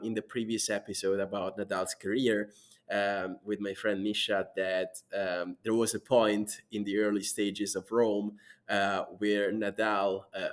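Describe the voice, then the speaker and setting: A man hosting a casual podcast chat, talking with frequent pauses and filler words. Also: on the low side. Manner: hesitant, many "um"s and restarts. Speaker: podcast host.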